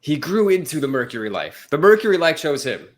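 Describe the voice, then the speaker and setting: A man from the United States talks casually as a podcast co-host. His voice sits a little higher than most men's. He is loose and joking, with frequent swearing. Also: sing-song, brisk.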